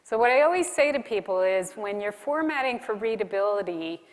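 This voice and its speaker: A woman's voice: medium pitch, animated, brisk. Woman giving a keynote in a hall. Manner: friendly, practical, instructive. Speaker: keynote speaker. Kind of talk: conference keynote talk. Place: conference hall. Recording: reverberant hall.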